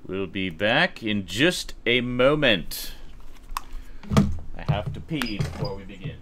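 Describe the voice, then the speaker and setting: Deep, unhurried, joking streamer guy. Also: expressive, background noise. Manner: jokey, loose, swears casually. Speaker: streamer playing a horror game. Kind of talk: casual live-stream chat.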